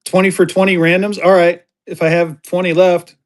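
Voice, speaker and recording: This Colorado man sells on a livestream auction with a high voice and an upbeat manner. He keeps piling on items at a rapid clip and gets worked up with excitement.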